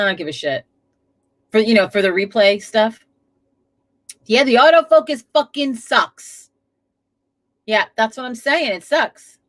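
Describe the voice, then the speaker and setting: A woman hosting a casual live stream from home, chatty, laughing often and swearing freely. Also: mid-range voice. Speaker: livestream host. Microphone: webcam setup at a desk.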